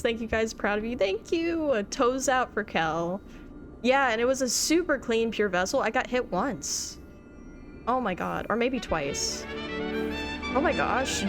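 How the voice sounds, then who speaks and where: A young woman streaming a game live, chatting with viewers and getting emotional and excited, laughing often. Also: fairly high pitch. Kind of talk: live gameplay stream chat.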